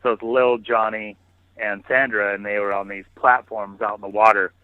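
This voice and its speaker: A man, a podcast guest, telling stories in casual, animated interview talk. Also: lowish voice, normal speed, smooth, no room sound. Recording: phone-like narrow line, dry.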